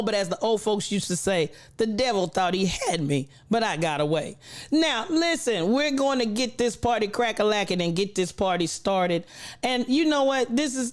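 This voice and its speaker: High, smooth-voiced older man hosting a stream. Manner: folksy, greets viewers by name. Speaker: livestream host. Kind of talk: casual livestream chat.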